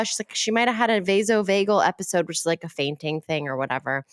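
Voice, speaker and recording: A woman in a casual podcast chat who tells stories with energy, slipping into the voices of people she quotes. Her voice is mid-pitched and recorded dry and close, with no room sound. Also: fast talker, clean tone, no room sound. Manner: animated storyteller, acts out quoted people. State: mother. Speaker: podcast co-host.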